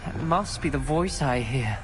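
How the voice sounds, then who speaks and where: An actor playing a guarded young male wizard student who speaks in a measured, wary way. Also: mid-range voice, lively intonation, lightly acted. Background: loud game music.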